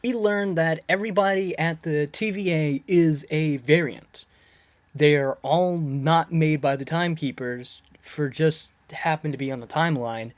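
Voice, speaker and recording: A person casually recapping a TV episode, rambling, laughing often, losing track of words and getting excited when puzzled. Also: medium pitch, measured pace. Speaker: video creator reviewing a TV episode. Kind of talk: casual chatty episode breakdown.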